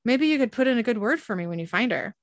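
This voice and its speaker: A woman's voice: fairly high pitch, animated, fast, no room sound, studio quality, pitched above the performer's own voice. Eager, lovestruck costumed orc, earnest; a woman reads the role.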